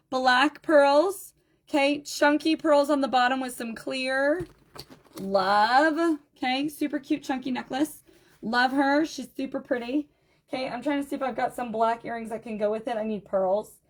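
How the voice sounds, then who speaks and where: A tired, low-energy woman chatting through a live-stream jewelry sale, greeting viewers by name and repeating item numbers. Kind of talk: live-stream sales chat.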